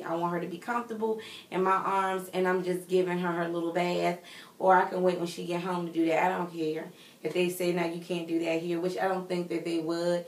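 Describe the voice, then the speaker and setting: Pregnant woman vlogger, chatty and expressive, addressing viewers, echoey room, mic placed a bit far off. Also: fairly low pitch. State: heavily pregnant. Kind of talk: casual chat to viewers. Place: home nursery room.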